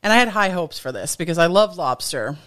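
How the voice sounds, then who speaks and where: A woman's voice: on the low side, animated, brisk, fairly bright tone. A woman co-hosting a podcast in casual chat, talking freely with lots of fillers and restarts. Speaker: podcast co-host.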